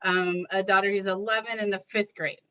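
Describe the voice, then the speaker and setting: A woman co-hosting who relays audience questions with thoughtful pauses. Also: mid-range voice, level tone, a little hiss or hum. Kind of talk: moderating questions. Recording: dull lo-fi audio.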